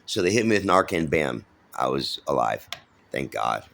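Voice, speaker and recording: A man's voice: rumbling low, big pitch swings, normal speed, gravelly, fairly bright tone. A middle-aged man from San Francisco, rambling through his life story in casual, profane talk full of fillers and restarts.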